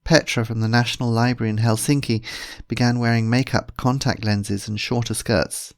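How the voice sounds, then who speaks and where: A man reading a humorous story aloud in a measured, even storytelling manner. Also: mid-range voice. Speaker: narrator. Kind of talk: scripted narration.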